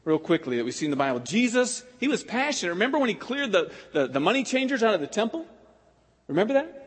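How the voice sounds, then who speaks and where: A man, a pastor preaching a sermon with impassioned swings between loud exhortation and hushed prayer. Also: sits high, husky. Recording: long hall reverb.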